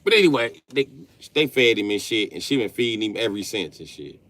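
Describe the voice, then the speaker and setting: Speaking briskly in a lowish voice, a late-thirties man spins profane, comedic stories for his livestream audience. He stays animated throughout and laughs as the stories unfold.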